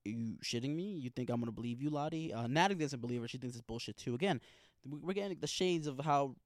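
A young man talks casually into a close microphone in a dead, dry room. He runs through his notes on an episode in a slangy, profane way. His voice stays at an ordinary, mid-level pitch for a man. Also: animated, fast talker, dry recording. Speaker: TV episode reaction host. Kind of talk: casual recap reading from notes.

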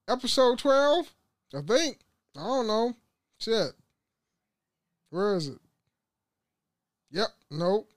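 Young guy rambling on his podcast, kinda high voice, swears and laughs a lot, dry close mic. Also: dry recording. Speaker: podcast host. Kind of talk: casual solo podcast chat.

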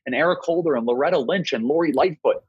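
Young man, political interview guest, rapid-fire, emphatic, husky, dull lo-fi sound. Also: a little high. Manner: emphatic, rapid argumentative delivery.

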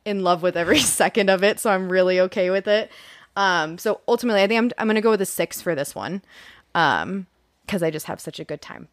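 Chatty woman with a low voice. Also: no echo, studio quality. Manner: rambling, reflective, says "like" often. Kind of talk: casual film review chat.

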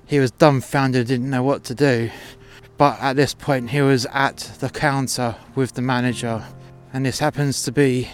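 A man's voice: medium pitch, fairly even intonation, moderate pace, faint music behind. Sweary man ranting. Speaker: podcast host. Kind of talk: storytelling monologue.

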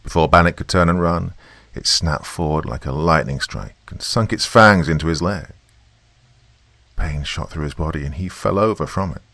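A man giving expressive, scripted narration of a fantasy story. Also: low voice, no echo.

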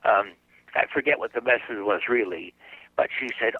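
Speaking at a normal pace in a lowish register, this older male guest psychic spins a rambling radio tale, slipping into the voices of its characters. There's no echo; the sound is dry and thin, as if over a phone line.

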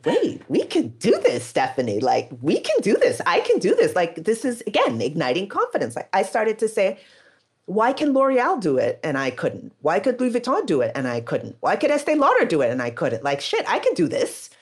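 A woman founder telling her story in an interview, animated and emphatic, laughing often and swearing now and then. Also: mid-range voice, moderate pace, slightly rough. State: near tears at times. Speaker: beauty brand founder.

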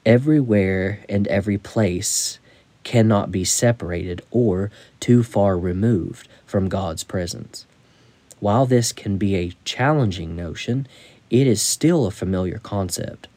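A man reading aloud from his own devotional book in a measured, deliberate way. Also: deep voice, dark tone, no room sound.

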